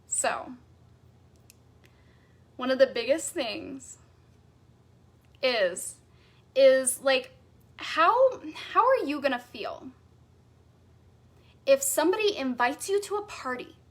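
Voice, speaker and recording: A woman's voice: sits high, expressive, takes it slowly, long pauses. A woman business coach teaching a live online masterclass, bubbly and enthusiastic, stopping to read out viewers' comments.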